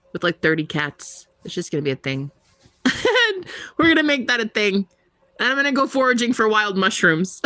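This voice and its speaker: A woman's voice: lowish voice, fairly bright tone, dry recording. A young American woman, a tarot reader, chatting casually and giggling with her live viewers, rambling with lots of "like". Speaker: tarot reader livestream host.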